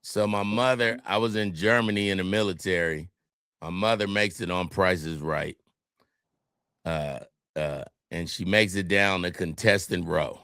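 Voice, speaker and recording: Brief: bright, animated man from California, casual podcast storyteller, dry close sound. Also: deep voice, unhurried, no room sound. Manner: animated storyteller, acts out quotes. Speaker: podcast co-host.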